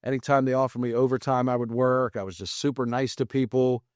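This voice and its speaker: A man telling his career story as a podcast guest, lively and acting out the quoted dialogue. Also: medium pitch, quick pace, dry recording, clean studio sound. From United States. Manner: animated, acts out quoted dialogue. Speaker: podcast guest, real estate investor. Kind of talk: casual storytelling interview.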